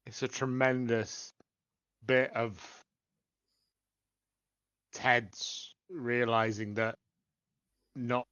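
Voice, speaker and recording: A man's voice: medium pitch, little pitch movement, drawn-out words, long pauses, a bit bright, clean tone, no room sound, lo-fi sound. A man in a casual review chat, thoughtful and wry as he weighs in.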